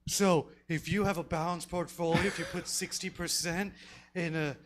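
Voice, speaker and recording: A man's voice: a little high, fairly even intonation, moderate pace, a little hiss or hum. A man on a comedy panel, laughing as he earnestly explains money like he is talking to a toddler. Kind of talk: improvised comedy bit.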